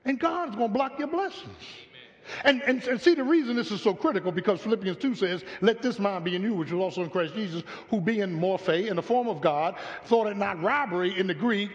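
An older man preaching a sermon as pastor, calling out to the congregation and building to shouts. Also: high voice, lively intonation, brisk. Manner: call-and-response preaching, rising to shouts. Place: church sanctuary. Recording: muffled live audio in a hall.

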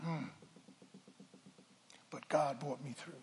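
An older man preaching a sermon from the pulpit, calling for a witness and swinging from hushed asides to shouts. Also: fairly high pitch, animated, measured pace, a little hiss or hum. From Philadelphia. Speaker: pastor. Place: church sanctuary. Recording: church hall reverb.

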